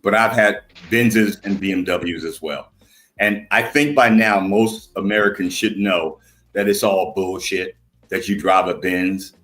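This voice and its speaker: A man's voice: deep voice, unhurried, fairly bright tone, poor audio. An older man on a podcast panel, blunt and lecturing, arguing heatedly and talking over others.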